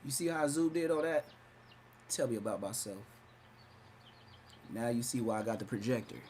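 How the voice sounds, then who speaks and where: This livestream podcast host speaks in an animated, mid-range voice with a darkish tone and a moderate pace. Brash and hyped, he mocks and trash-talks, shifting into exaggerated character voices, with a little background noise present.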